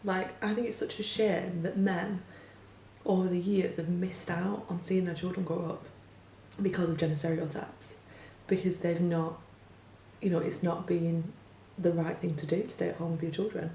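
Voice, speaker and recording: A young woman who teaches gives a casual opinion monologue, full of rhetorical questions and filler words. Her voice is on the low side and dark, with a steady tone at a moderate pace. The distant mic picks up an echoey room and a faint hum.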